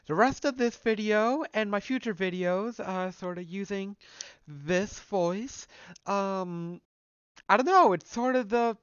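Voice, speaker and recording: A woman practicing a higher, feminine voice in a vlog at home by her computer, tentative and full of fillers and restarts. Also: clean tone, no room sound, lightly acted. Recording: dry, slightly dull lo-fi recording.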